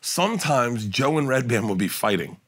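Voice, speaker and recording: A male comedian talks as a podcast guest, spilling out anecdotes in an animated, rambling way. He restarts his sentences and laughs as he goes. His voice sits at an ordinary middle pitch. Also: normal speed, slightly rough. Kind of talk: casual storytelling chat.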